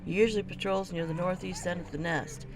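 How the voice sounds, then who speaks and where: A woman's voice: on the low side, steady tone, brisk, music in the background, close to an everyday voice. A woman reading the part of a weary, blunt male gate captain in a fantasy video game, speaking in a curt and dismissive way. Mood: gruff.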